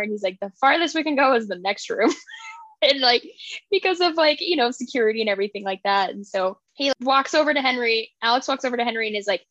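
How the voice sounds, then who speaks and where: A woman co-hosting a podcast in a casual book chat, retelling scenes with lively acted-out lines. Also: sits high, brisk, no room sound, muffled recording. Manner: animated, acts out characters' lines while retelling. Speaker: podcast co-host.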